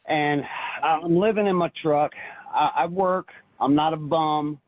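Man caller, earnest, halting, husky voice, tinny phone line. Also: on the high side, steady tone, no room sound. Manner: earnest, halting, with many restarts. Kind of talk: telling a personal story.

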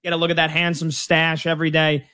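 A man's voice: on the high side, monotone, fast talker, bright, forceful tone, no room sound, studio quality. Breezy male radio sports host. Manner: breezy, plugging and joking. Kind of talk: casual radio sports talk.

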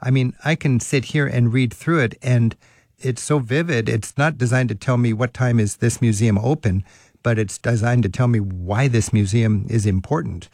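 Gravelly-voiced male radio host. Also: mid-range voice, moderate pace, darkish tone, no room sound, clean studio sound. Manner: enthusiastic, conversational questioning. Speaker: radio travel show host. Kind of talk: radio interview.

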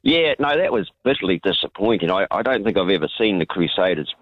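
A hoarse man with a New Zealand accent, calling in to talk rugby in a rambling, good-humoured way. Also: low-pitched, sing-song, fast, no echo. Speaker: caller. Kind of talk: talkback phone call. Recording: dull phone line.

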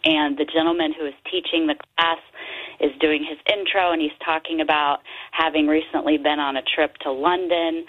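A woman's voice: low-pitched, little pitch movement, moderate pace. A woman calling in to a radio show, telling a story about herself in a wry, self-deprecating way. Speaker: radio caller. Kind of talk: phone call-in storytelling. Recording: tinny phone line on radio.

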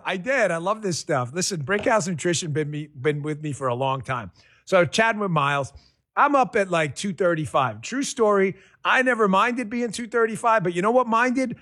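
A man reading a radio ad in a folksy, emphatic pitchman manner. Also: expressive, moderate pace, fairly bright tone, no echo, clean studio sound. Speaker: ad spokesman. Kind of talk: radio ad read.

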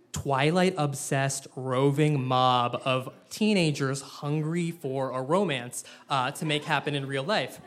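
A young man telling a funny personal story on stage in an even, mid-range voice. His delivery is wry, self-deprecating and animated. A faint hiss runs under the recording. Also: medium pitch. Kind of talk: live personal storytelling to an audience.

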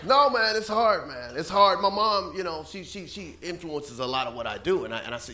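A man's voice: on the high side, expressive, a little fast, hardly any pauses, pushed and bright. A man in his thirties performing a stand-up comedy set, chatting with the crowd and dropping frequent asides. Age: 30s. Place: comedy club stage. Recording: echoey club with background noise.

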